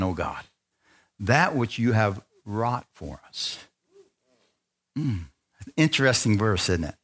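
A man preaching a sermon in a mid-pitched voice, working the congregation with call-and-response. He drops into quiet, confiding asides, then builds to loud, rising exhortation, with a joking, self-deprecating streak. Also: big pitch swings, slow pace, pauses often. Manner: call-and-response preaching, asks the crowd for amens. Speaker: pastor.

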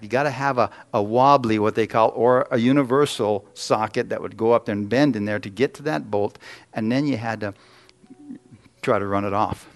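A middle-aged man preaching a sermon, telling folksy personal stories and putting questions to the congregation. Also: medium pitch.

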